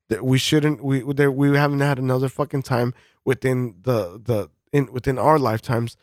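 A man's voice: mid-range voice, no echo, studio quality. A man co-hosting a podcast, ranting in casual chat, swearing constantly and restarting his sentences. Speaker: podcast co-host. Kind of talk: casual profane rant.

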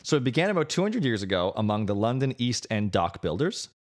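A man's voice: mid-range voice, sing-song, fast talker. A man co-hosting a casual podcast chat, explaining a topic at length with many restarts and fillers. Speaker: podcast co-host.

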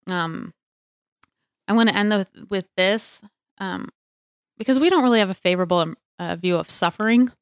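Smooth-voiced woman hosting a chat podcast. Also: mid-range voice, moderate pace, long pauses, no room sound, clean studio sound. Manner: earnest and chatty, with many fillers. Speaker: podcast host. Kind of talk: casual faith podcast chat.

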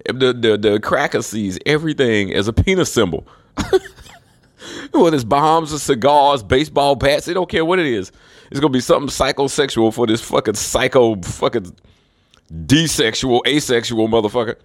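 A man's voice: medium pitch, no echo, clean studio sound. A man rambling through a profane, scornful monologue, chuckling between remarks.

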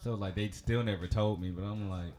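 A man's voice: lowish voice, steady tone, fairly quick, a little mellow. A man, telling a personal story in a casual, rambling way with many fillers and laughs. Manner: rambling, chatty, laughs often, lots of fillers. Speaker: podcast host.

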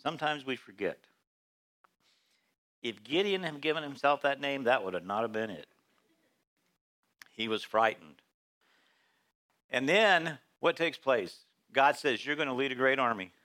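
Preaching in church, this male pastor brings Bible stories to life with animation, voicing each character himself. He speaks at a medium pitch, unhurried, leaving long pauses.

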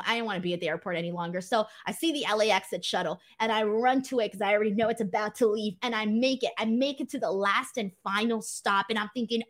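A woman hosting a live stream from home, chatting casually and animatedly while reading viewer messages, laughing often. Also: a little high. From Los Angeles-based, lives in L.A. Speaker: wrestling show host. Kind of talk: live stream chat reading super chats.

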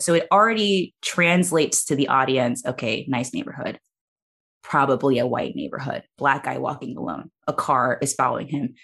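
A woman hosting a casual movie podcast, recapping the plot in an animated way and laughing often. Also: low-pitched, slightly rough. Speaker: podcast host.

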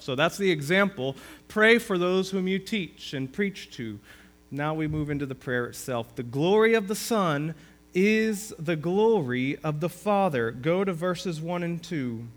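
Man, pastor, church sermon, earnest, slightly high voice, emphatic on scripture.

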